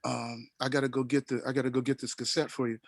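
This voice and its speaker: A man voicing a laid-back older man who murmurs quietly. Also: mid-range voice, little pitch movement, fast talker, creaky, no echo, studio quality. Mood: casual.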